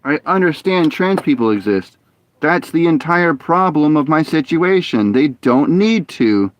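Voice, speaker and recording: A man's voice: fairly high pitch, lively intonation, unhurried. A man streaming a game live, muttering and complaining in frustration as he plays. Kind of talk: live gameplay commentary.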